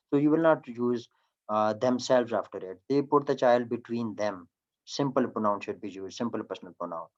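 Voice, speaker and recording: A man's voice: medium pitch, darkish tone, highs cut off. A man teaching a recorded grammar lecture over slides, explaining step by step and often repeating and correcting himself.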